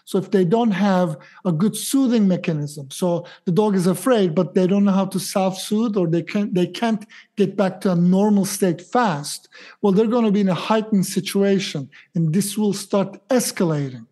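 A dog trainer co-hosting a podcast chat who brings behavior to life by acting out examples and quoting what people and dogs think. The voice is mellow and sits at a middle pitch. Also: moderate pace. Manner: explains with acted-out examples and quoted thoughts.

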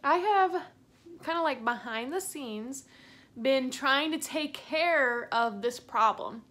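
A woman's voice: sits high, lively intonation, takes it slowly, bright, forceful tone. A young woman plant vlogger talking casually and ranting in exasperation, with bursts of laughter. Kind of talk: casual vlog.

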